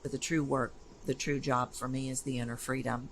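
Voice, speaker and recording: A woman's voice: a bass voice, fairly quick, slight background noise, rough recording. A woman, a voice coach being interviewed, talking energetically and emphatically in a casual conversation. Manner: energetic, emphatic, animated storytelling. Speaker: voice coach guest.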